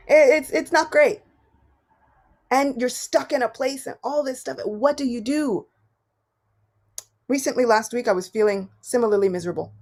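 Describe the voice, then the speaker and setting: A woman with a voice on the high side leads a devotional morning class, sharing personal stories. Her delivery is animated, swinging between soft and loud.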